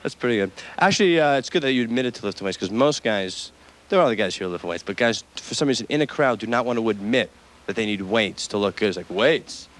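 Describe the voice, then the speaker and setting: A man's voice: fairly low pitch, expressive, fast talker, a bit bright. A man doing a stand-up set, mocking and mimicking jocks while working the audience. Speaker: stand-up comedian. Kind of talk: stand-up comedy set with crowd work. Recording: noisy old videotape with audience.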